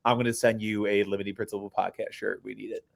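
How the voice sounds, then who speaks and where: A man's voice: lowish voice, little pitch movement, quick pace, gravelly. Heated stammering male podcast host. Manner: heated, stammering when angry. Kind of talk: casual chat.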